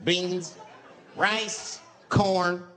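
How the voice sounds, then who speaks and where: On stage before a laughing crowd, a US comedian speaks in a high, sharp voice, holding a steady tone and drawing out his words. His loose storytelling is studded with punchy curses, and the live-show recording is noisy.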